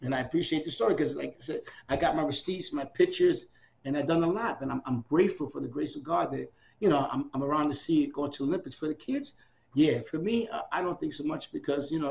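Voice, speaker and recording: A middle-aged man with a fairly high, gravelly voice tells his life story in a casual oral history interview. He is animated, acting out the dialogue of the people he quotes.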